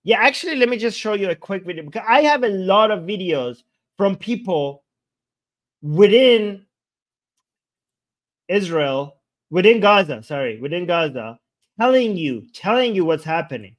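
A man hosts a livestream with a fairly high voice. He rants combatively and hurls insults, then rambles while setting up clips to share. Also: very animated, moderate pace, long pauses. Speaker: livestream host. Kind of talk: heated livestream reaction commentary.

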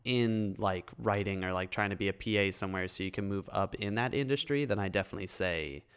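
A man talking casually about restaurant jobs and film work. His voice is smooth and resonant, on the lower side. He sounds easygoing and practical. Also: a little fast, a bit bright. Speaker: actor and restaurant worker. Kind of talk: casual chat.

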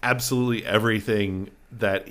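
A man's voice: lowish voice, fairly even intonation, a little fast, a bit bright. A man who is a guest on a music podcast, making dry, wry remarks and giving short agreements. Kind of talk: casual music discussion.

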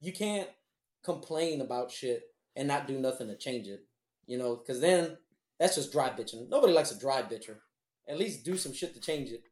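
Casual guy, cursing freely, lively and laughing, roomy sound. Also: medium pitch, moderate pace. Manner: animated, profane, laughs often. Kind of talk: casual crude chat.

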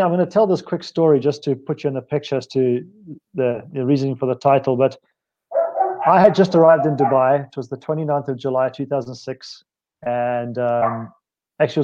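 A man's voice: mid-range voice, mellow, lo-fi sound. A man from South Africa telling a story in a casual, rambling way, correcting himself as he goes. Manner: rambling, self-correcting, laughs often. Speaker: guest speaker on stretching. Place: home office.

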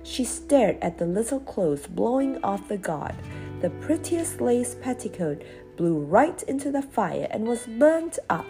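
A woman reading a children's storybook aloud in an expressive, lively way. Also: a little high, a little slow, soft background music. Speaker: narrator.

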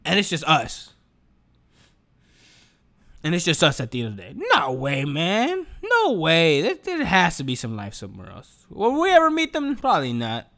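Animated young man, high lively voice. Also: normal speed, creaky. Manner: animated, joking, slangy and profane. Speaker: podcast host. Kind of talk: casual comedic monologue.

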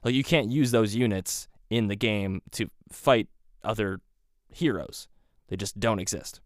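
A man's voice: on the low side, a little slow, no echo, studio quality. Rambling sarcastic male podcast host. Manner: rambling, sarcastic, self-deprecating asides. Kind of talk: casual solo podcast monologue.

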